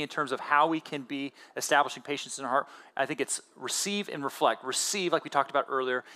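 A man in his thirties, a pastor giving a conversational sermon with casual fillers and animated emphasis. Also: fairly high pitch.

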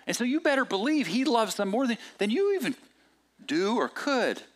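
A middle-aged man preaching a sermon, his pitch rising and falling in a lively, animated way. He talks like he's telling a story to friends, with plenty of restarts and filler words. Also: normal speed. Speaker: pastor.

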